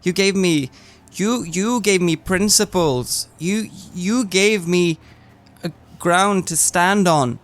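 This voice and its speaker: A man plays his character in a tabletop game, speaking slowly in halting, earnest phrases. His voice sits slightly high. He stammers often as he searches for words. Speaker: player.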